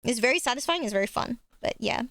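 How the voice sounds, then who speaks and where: A woman's voice: fairly high pitch, expressive, vocal fry, a bit bright, no echo, studio quality. Chatty, foul-mouthed young woman streamer. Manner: chatty, swears freely, quick asides. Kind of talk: casual chat with chat.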